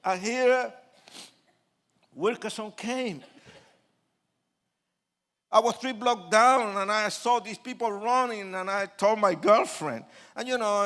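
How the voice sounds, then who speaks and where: Slow-talking older man telling his story. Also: sits high. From Puerto Rico. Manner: acts out quoted lines, swings from hushed to loud; jokes with the audience. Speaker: speaker giving his testimony. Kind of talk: dramatic storytelling testimony.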